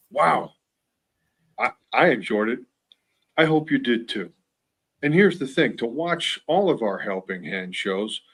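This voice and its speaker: A man's voice: medium pitch, a bit bright. A man hosting a radio drama show, giving an upbeat sign-off and repeating web addresses.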